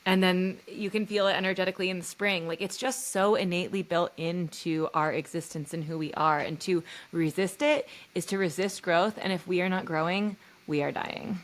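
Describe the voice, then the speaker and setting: A woman's voice: lowish voice, steady tone, normal speed, hardly any pauses. A woman guest on a podcast, a spiritual guide and coach, talking earnestly in loose, run-on reflective thoughts full of fillers. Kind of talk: reflective conversation.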